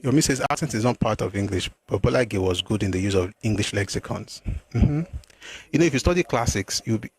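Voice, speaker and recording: A man hosting a live stream, answering viewer comments in an animated, exclamatory way, often repeating himself. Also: lowish voice, fast, slight background noise. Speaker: host.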